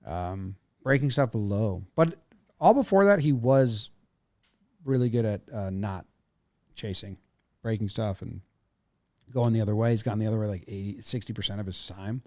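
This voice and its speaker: A man's voice: fairly low pitch, moderate pace, pauses often, darkish tone, no room sound, studio quality. A man co-hosting a podcast, talking casually about baseball and often trailing off and restarting his sentences. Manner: rambling, trails off and restarts mid-thought. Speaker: podcast co-host. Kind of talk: casual sports chat.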